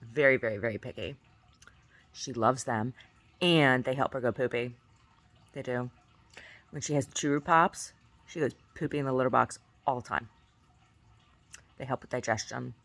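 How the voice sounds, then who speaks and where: A woman's voice: extremely low pitch, normal speed, pauses often, fairly bright tone, dry recording. A woman vlogger chatting casually, giggly, rambling and effusive, often breaking into laughter. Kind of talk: casual chat.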